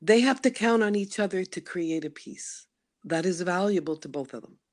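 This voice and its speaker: A middle-aged woman from Canada talks through her story in a relaxed interview, slightly low in pitch. She keeps it animated, jumping into playful acted-out asides for the voice inside her head. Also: normal speed. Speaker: guest, studio founder and voice workshop leader. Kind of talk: conversational interview.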